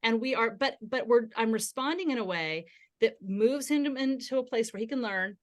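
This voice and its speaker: A woman guest on a podcast interview, explaining parenting ideas in a steady, instructive way. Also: fairly high pitch, normal speed. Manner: acts out gentle parent quotes.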